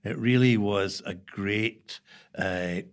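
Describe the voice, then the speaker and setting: A man's voice: fairly low pitch, slow pace, clean tone. A man with a Northern Irish accent, a veteran journalist guest telling stories in an interview, with frequent hesitations. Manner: reflective storytelling with frequent hesitations. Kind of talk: conversational interview.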